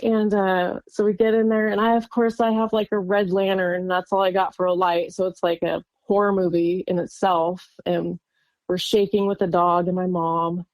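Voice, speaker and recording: A woman's voice: fairly low pitch, level tone, moderate pace, a little mellow, dry recording. A woman from Oregon, a guest on an interview podcast, recounting a personal encounter in a rambling way with lots of fillers and nervous laughs. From Oregon, USA. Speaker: guest witness.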